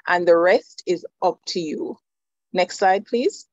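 Woman, nursing lecturer; measured, firm delivery; dry, muffled lo-fi sound. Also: on the low side, darkish tone, no room sound. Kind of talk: presentation to students.

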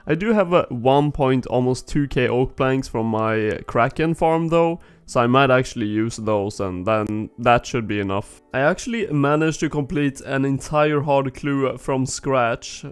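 A man with a smooth, clean voice talks casually over his gameplay, still sounding groggy from just waking up. He muses along at an easy pace, filling gaps with a few hesitations, while soft music plays quietly underneath. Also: mid-range voice. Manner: relaxed, thinking aloud with fillers. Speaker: gaming video creator.

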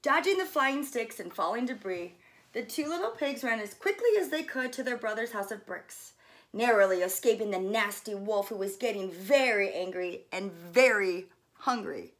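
A woman, a fitness coach, reading a children's story aloud gently and pausing softly to describe the pictures. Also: medium pitch, expressive.

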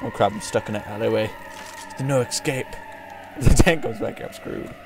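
A man doing casual let's-play commentary, excitable and full of yelps and exclamations. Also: fairly low pitch, fairly quick, noisy background. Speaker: gameplay commentator.

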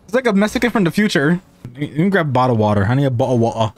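Lively crude male gamer. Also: mid-range voice, rapid-fire, no echo. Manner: crude, joking, mock voices. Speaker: gaming streamer. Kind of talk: casual gaming banter.

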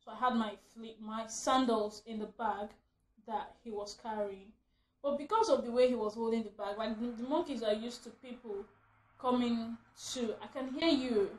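A woman's voice: on the high side, fairly even intonation, normal speed, a little mellow, echoey room. A young adult woman vlogger telling a story in a casual, chatty way, breaking into laughter often.

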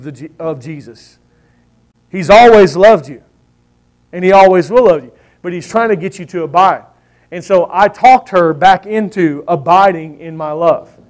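A man's voice: high-pitched, darkish tone. A man preaching a sermon as pastor, repeating his key lines for emphasis and asking the congregation how many of them know it. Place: church sanctuary.

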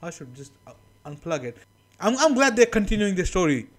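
Man from India, reaction host; high, chatty, camera mic. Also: very animated, brisk. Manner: chatty, laughs often, swears casually. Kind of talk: casual reaction commentary. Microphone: camera-mounted shotgun mic.

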